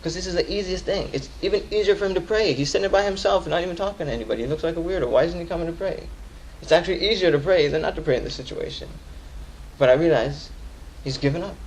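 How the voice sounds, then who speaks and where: A young man giving a Friday sermon in casual slang, repeating lines for emphasis and swinging from loud urging to soft storytelling. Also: on the high side, fast talker, a little hiss or hum, poor audio. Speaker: khutbah speaker.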